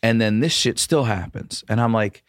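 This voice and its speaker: A man, a comedian guest on a podcast, telling a story in a casual, profane and animated way. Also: fairly low pitch, moderate pace, no echo, clean studio sound.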